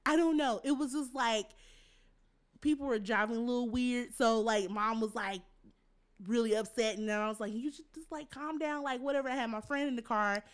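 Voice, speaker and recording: A woman's voice: a little high, fairly even intonation, moderate pace, clear, resonant tone. Chatty young woman telling a story. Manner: chatty, laughs often, acts out quotes. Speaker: podcast co-host. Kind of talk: casual storytelling chat.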